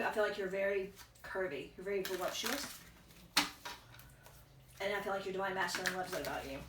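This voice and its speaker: Background noise surrounds this woman's medium-pitched voice. As a tarot reader offering a casual reading, she rambles, corrects herself, and thinks out loud while chewing gum, captured in an echoey room some distance from the microphone.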